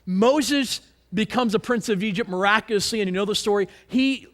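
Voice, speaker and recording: A man preaching a sermon in an animated way, asking the congregation rhetorical questions and often repeating words as he goes. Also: sits high, normal speed.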